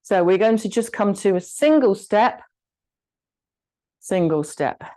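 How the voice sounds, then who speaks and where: A woman instructor guiding a gentle exercise class, giving encouraging cues and short counted commands. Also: mid-range voice, expressive, slow, low-quality recording. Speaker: fitness instructor.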